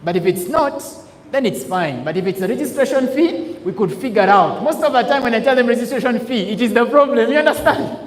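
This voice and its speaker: A man giving a lively sales training talk, acting out laughs and quoted voices. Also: very high voice, fairly quick. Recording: echoey hall with faint ambience.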